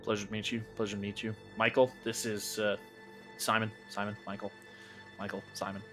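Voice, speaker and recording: A man's voice: on the low side, little pitch movement, a little fast, bright, forceful tone, faint music behind. A man voicing an eager, folksy small-town councilman who talks like a salesman. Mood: friendly.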